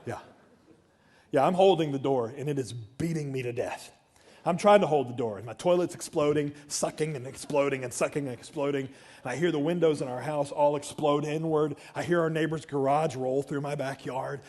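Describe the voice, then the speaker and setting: Middle-aged man, church pastor, lively sermon storyteller, slightly high voice, shouts at the peaks. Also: moderate pace. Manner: animated storytelling, swinging from quiet to shouting. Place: church sanctuary.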